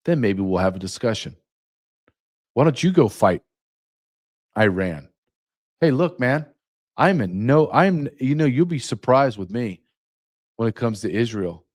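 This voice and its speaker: A man's voice: on the low side, darkish tone. Combative man ranting as podcast host. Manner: combative, taunting, sarcastic. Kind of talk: political rant.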